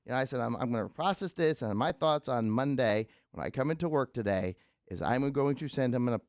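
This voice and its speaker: A man co-hosting a morning radio show, telling a story in an animated way and acting out the people in it. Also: mid-range voice, fairly quick, dry recording, clean studio sound.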